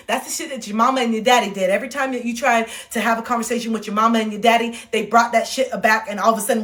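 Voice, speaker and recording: A woman's voice: on the high side, fairly even intonation, racing, few pauses, fairly bright tone. Blunt, profane woman talking on a livestream. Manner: blunt and profane, acts out quoted voices. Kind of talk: casual candid monologue. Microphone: phone mic.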